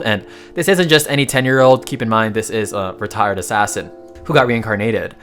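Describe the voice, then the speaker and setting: A man's voice: medium pitch, a little fast, a bit bright, faint music behind. A man narrating a casual comic recap, tossing slangy, joking asides to his viewers.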